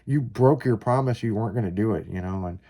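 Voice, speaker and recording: A man's voice: fairly low pitch, fast, warm tone. A man casually telling a long personal story, rambling with lots of fillers and some swearing. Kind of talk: casual chat, personal anecdote.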